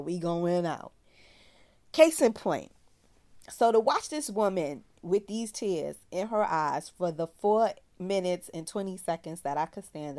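A woman therapist tells her own story in a frank, animated, slangy voice. Her voice sits a little low for a woman. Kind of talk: candid personal storytelling.

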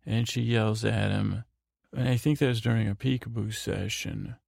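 Mężczyzna o bardzo chropawym głosie. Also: male voice, on the low side, fairly even intonation, moderate pace, creaky, a little mellow, no room sound, clean studio sound. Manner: meandering, full of restarts and fillers. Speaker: podcast host. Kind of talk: rambling bedtime podcast recap.

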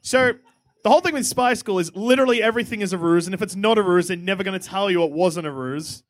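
A young man in casual podcast chat, animated and jokey, talking over his friends. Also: sits high, quick pace.

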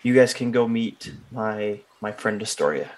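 A man's voice: fairly low pitch, expressive, unhurried, poor audio. Hesitant man talking in character. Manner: hesitant, lots of uhs and restarts. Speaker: player. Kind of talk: in-character role-play.

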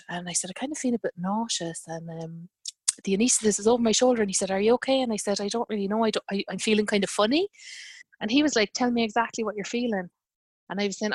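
A woman's voice: mid-range voice, no room sound. Chatty woman telling a personal story. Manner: chatty, many fillers and quoted dialogue. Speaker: guest telling her birth story. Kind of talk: casual conversational storytelling.

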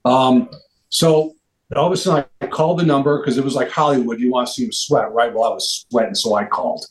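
A man guesting on a video call, telling animated anecdotes and acting out the people he quotes. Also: mid-range voice, brisk, roomy sound, rough recording. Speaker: interview guest. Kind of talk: casual storytelling.

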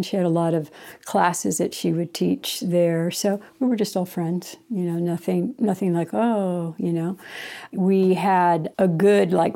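Her pitch is fairly low, her voice gravelly with a dark tone. The middle-aged woman, an interviewee, rambles casually through a story from her own life and voices the quoted lines herself.

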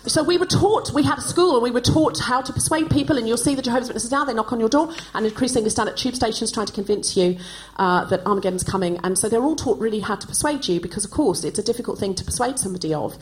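A woman in her forties, from Australia, hosting with an animated, self-mocking stand-up monologue on a live stage. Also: a little high, a little hiss or hum, low-quality recording. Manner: animated, self-mocking storytelling with quick asides. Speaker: host. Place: live stage before an audience.

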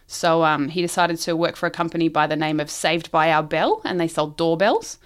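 A woman's voice: low-pitched, expressive, brisk. A woman casually telling a long shaggy dog joke, giggling often and rambling with ums and restarts. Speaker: joke teller.

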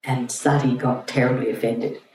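A woman's voice: very deep voice, fairly even intonation, normal speed, a little mellow. A woman teacher retelling a myth to a group in a chatty, irreverent storytelling way. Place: room with an audience. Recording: roomy, distant mic, faint hum.

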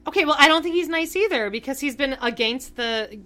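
A woman's voice: high voice, lively intonation, quick pace, sharp tone. A young woman co-hosting a podcast, chatting bluntly and laughing often. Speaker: podcast co-host. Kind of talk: casual chat.

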